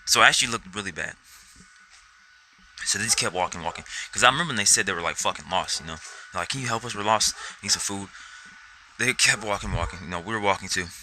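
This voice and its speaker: A man's voice: on the low side, fast, pushed and bright, slight background noise, low-quality recording. A young man telling a rambling personal story to camera, swearing constantly and acting out his own reactions. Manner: rambling, heavy swearing, acts out quotes. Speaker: vlogger.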